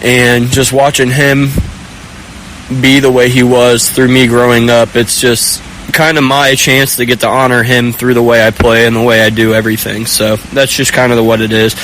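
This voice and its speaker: Earnest young college quarterback, halting speech. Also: male voice, medium pitch, little pitch movement, fairly bright tone, a little hiss or hum, rough recording. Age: young adult. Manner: earnest, halting, searching for words. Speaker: college quarterback being interviewed. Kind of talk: postgame sideline interview.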